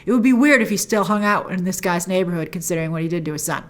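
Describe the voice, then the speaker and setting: A woman hosting a casual spoken review of a TV episode, acting out characters' lines and adding frequent asides. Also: on the low side. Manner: animated, acts out characters' lines in quick voices.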